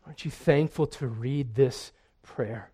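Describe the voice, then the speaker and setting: A man's voice: mid-range voice, measured pace, dark tone, slightly rough. A man preaching a sermon in an earnest way, often repeating a word as he restarts. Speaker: pastor.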